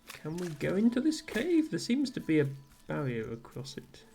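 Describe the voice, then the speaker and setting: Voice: medium pitch, wildly swooping pitch, normal speed, vocal fry, dark tone, faint music behind. A streamer playing a game live, chatting casually and amused while reading chat messages aloud.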